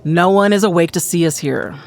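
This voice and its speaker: A woman voicing a wary, sly male vampire in a dramatic reading of a novel scene, with a cool, measured delivery. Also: on the low side, pitched below the performer's own voice, close to an everyday voice. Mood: haughty.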